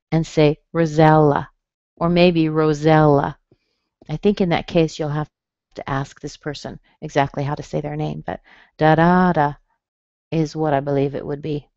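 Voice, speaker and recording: A woman leads a pronunciation webinar, breaking each word into its syllables and slowing down on the examples. Her voice sits a little low for a woman. The recording is dry and slightly muffled, like a computer mic. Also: a little mellow, dry recording. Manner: explains patiently, sounds out syllables. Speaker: pronunciation teacher. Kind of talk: webinar lesson.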